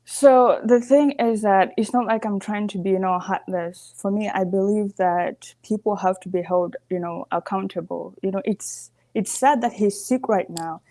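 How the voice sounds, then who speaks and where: Earnest woman caller with a mellow voice. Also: medium pitch, moderate pace, hardly any pauses. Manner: earnest, emphatic, says "you see" often. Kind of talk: call-in opinion.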